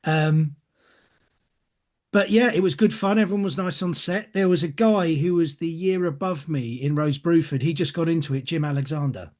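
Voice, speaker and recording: A middle-aged Englishman, an actor being interviewed, gives casual answers in a slightly high, somewhat mellow voice at a normal pace. He's a chatty storyteller who acts out other people's voices in his anecdotes.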